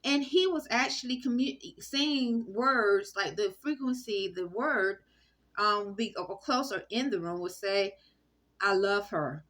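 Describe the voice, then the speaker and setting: Bright-voiced woman rambling in monologue. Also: fairly high pitch. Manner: halting, many fillers and restarts. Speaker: vlogger. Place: indoor room. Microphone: phone recording.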